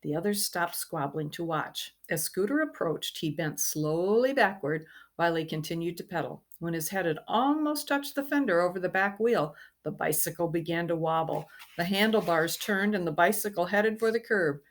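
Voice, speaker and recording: Lady reading a kids chapter book out loud, gentle, slightly low voice. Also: normal speed. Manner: gentle, does lively character voices. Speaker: reader. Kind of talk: storybook read-aloud.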